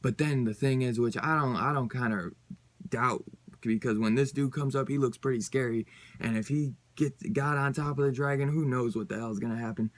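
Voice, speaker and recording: Casual comic reviewer, male, mid-pitch, loose and rambling with fillers and mild swearing, dry close sound. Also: normal speed, dry recording. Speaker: comic book YouTuber.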